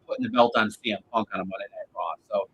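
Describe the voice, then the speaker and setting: A man's voice: fairly low pitch, fast talker, a bit bright, breathy edge, poor audio. A man hosting a casual wrestling podcast, blunt and opinionated, swearing now and then. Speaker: podcast host.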